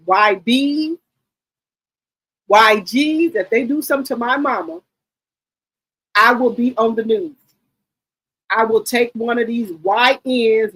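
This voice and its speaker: Husky, animated middle-aged woman storyteller. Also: a little high, poor audio. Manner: animated, slangy, repeats herself. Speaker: livestream host. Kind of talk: casual storytelling chat.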